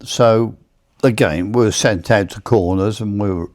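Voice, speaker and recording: A man's voice: lowish voice, unhurried, darkish tone. An older English man, a former racing driver, telling rambling anecdotes in casual chat and acting out other people's voices. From England.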